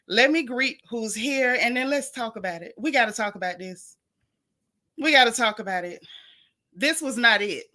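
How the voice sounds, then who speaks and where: A woman's voice: a little high, animated, moderate pace, pushed and bright. A woman hosting a casual livestream, chatting and greeting viewers by name. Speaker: livestream host.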